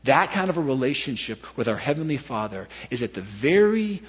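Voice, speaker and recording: A middle-aged male pastor telling a personal story in a sermon, lively and self-deprecating, dropping to hushed tones for serious moments. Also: mid-range voice, fairly quick, husky. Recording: dull lo-fi sound with long hall reverb.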